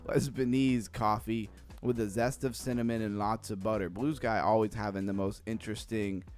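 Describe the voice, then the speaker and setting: A man's voice: fairly even intonation, normal speed, darkish tone, faint music behind. Chatty man hosting a crypto livestream. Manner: chatty, reads chat messages aloud, trails off into low mumbles. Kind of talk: casual live-stream chat.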